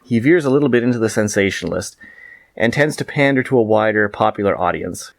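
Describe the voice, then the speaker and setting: Male book reviewer, lower voice, dry close sound, measured wry read. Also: animated, no room sound.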